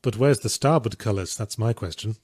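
A man's voice: on the low side, normal speed, darkish tone, slightly rough, no room sound. Guy cohosting a stream, dry wry asides, dead close mic. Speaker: co-host reading donations. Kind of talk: casual stream chat.

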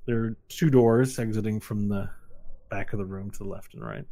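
A man with a lowish voice narrates as game master of a tabletop game. He describes each scene loosely and fills the gaps with casual filler phrases. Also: steady tone, moderate pace, warm tone.

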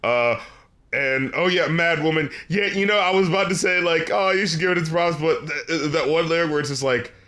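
A man's voice: fairly high pitch, brisk, sharp tone. A man co-hosting a podcast, chatting casually about an album, laughing often and acting out lines. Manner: laughs often, acts out lyrics and imagined dialogue. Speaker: podcast co-host. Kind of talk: casual album review chat.

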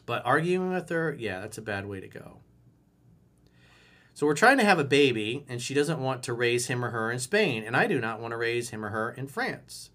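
Guy giving dating advice, blunt and cocky, swears a lot, mid-pitched voice. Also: expressive, normal speed, fairly bright tone. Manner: blunt, emphatic, profane and swaggering, acting out lines to say. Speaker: dating coach. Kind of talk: video coaching, answering viewer emails.

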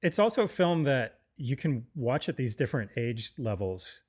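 A man's voice: mid-range voice, sing-song, normal speed. A man co-hosting a casual film discussion, enthusiastic and often restarting his sentences. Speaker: podcast co-host.

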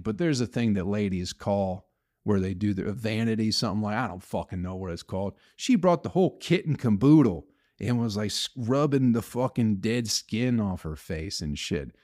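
Man, podcast host, solo rant, swears a lot, rambling, restarts sentences, mid-pitched voice. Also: darkish tone. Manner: profane, ranting, full of restarts.

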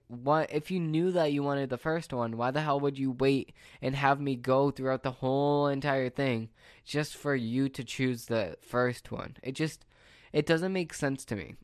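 A man in a casual rant, sarcastic and exasperated, tripping over restarts as he vents. His voice sits at an ordinary middle pitch. It is recorded close and dry, with no room sound. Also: clean tone, no echo. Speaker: pizza shop phone order taker. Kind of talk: casual ranting monologue.

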